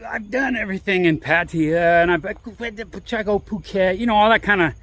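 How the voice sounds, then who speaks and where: A man with a high, brisk, slightly bright voice vlogs while walking. He tells a rambling, chatty story full of restarts and asides, casual storytelling on the move.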